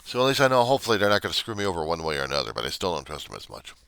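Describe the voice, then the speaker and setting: A man's voice: sits low, very animated, rapid-fire, creaky, bright, forceful tone, a little hiss or hum. A man talking in a personal video diary, brooding and repeating himself, often dropping to a mutter or a whisper. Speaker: vlogger.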